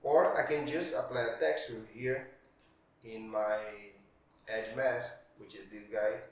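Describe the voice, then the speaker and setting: A man, a non-native speaker whose first language is Portuguese, walking through a software tutorial while thinking aloud and checking in with tag questions. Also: mid-range voice. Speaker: 3D art tutorial creator. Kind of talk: screen-recorded software tutorial. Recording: very echoey room, distant mic.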